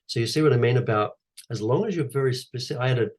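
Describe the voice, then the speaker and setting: A man, an actor and teacher, giving coaching advice in an animated, conversational way and repeating his key phrases. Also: medium pitch, racing. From Australia. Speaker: guest speaker, actor and teacher.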